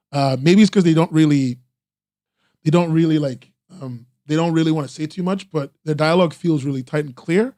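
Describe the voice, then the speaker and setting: A man's voice: on the high side, warm tone, dry recording, clean studio sound. A man casually reviewing webcomics on a stream, rambling with lots of "like" and restarts, eager in his praise. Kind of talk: casual live-stream commentary.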